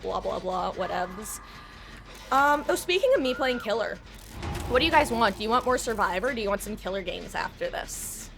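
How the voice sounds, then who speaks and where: A woman with a medium-pitched voice livestreams a game, rambling casually and talking straight to her chat through a desk microphone. There's noise in the background.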